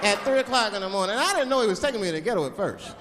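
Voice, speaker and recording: A man from Washington, D.C. does a stand-up routine on a comedy stage before a live audience, telling stories and switching into put-on voices for the characters. His voice sits high and he speaks animatedly and very fast. It's a live recording in a large hall, with heavy background noise from the crowd's laughter.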